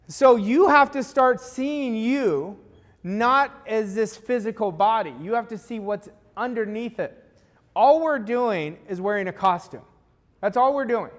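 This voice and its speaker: A man with a strikingly high voice coaches an audience in a motivational talk. He drives his points home by saying them twice, with plain emphasis. His voice trails off into a long hall reverb. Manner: emphatic, repeats key lines for weight.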